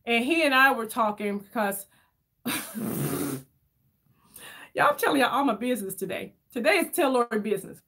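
A woman chatting casually with her viewers while doing her makeup, telling stories in an animated way and reading their comments aloud. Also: fairly high pitch, moderate pace, pauses often, background noise. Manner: chatty, animated storyteller, addresses viewers as y'all. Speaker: beauty vlogger reading live chat.

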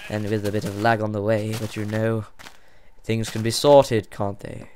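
A man giving casual gameplay commentary, excitable and jumpy, rambling and yelping as he plays. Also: on the low side, moderate pace, noisy background. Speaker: let's play gamer.

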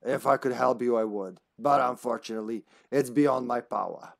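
A shadowy, anonymous letter writer speaks in a slow, deliberate voice, as a game streamer puts it on. Each warning is drawn out and ominous, with a middle-pitched tone. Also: male voice, gravelly, lightly acted.

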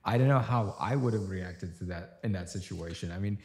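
A man's voice: low-pitched, a little fast, darkish tone. A man hosting a podcast, asking questions and murmuring frequent backchannels. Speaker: podcast host. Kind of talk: casual podcast interview.

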